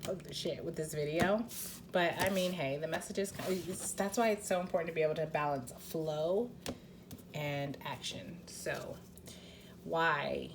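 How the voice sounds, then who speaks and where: A woman's voice: mid-range voice, background noise. A woman giving a casual pick-a-card tarot reading, chatty and rambling, with lots of fillers, restarts and casual swearing.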